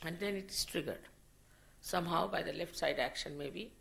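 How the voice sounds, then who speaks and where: A woman giving a slow, deliberate spiritual lecture, in a 1990 archive recording. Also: fairly low pitch, vocal fry, fairly bright tone. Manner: slow, deliberate teaching with rising emphasis. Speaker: spiritual teacher.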